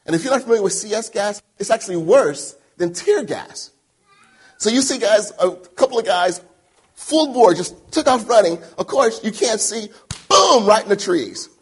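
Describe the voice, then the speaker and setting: High, husky-voiced male preacher. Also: expressive, moderate pace. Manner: storytelling, swings between loud emphatic bursts and quiet asides. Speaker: pastor. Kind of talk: sermon.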